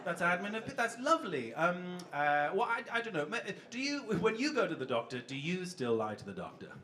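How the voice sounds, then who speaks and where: A man's voice: sits high, big pitch swings, brisk. A man doing a rambling, self-deprecating stand-up set, chatting with the audience from a club stage. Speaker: stand-up comedian. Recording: live club with loud crowd laughter. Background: audience laughing.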